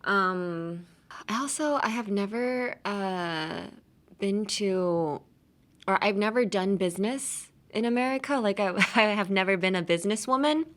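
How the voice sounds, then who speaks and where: A woman's voice: mid-range voice, unhurried. A young woman in her twenties hosting an English-learning podcast, chatting casually and laughing often. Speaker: podcast host teaching English. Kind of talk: casual English lesson chat.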